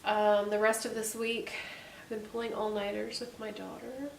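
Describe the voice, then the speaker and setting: A woman's voice: mid-range voice, little pitch movement, normal speed, creaky. A woman in her forties co-hosting a casual faith-based chat, telling stories in a chatty way with many ums. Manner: chatty, warm-hearted storytelling with many ums. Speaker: podcast co-host. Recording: echoey room, distant mic, faint hiss.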